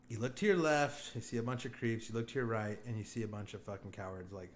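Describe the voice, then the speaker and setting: A man's voice: fairly low pitch, slight background noise. Profane, rambling young man on a podcast. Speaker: podcast co-host. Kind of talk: casual podcast chat. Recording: echoey room, faint ambience.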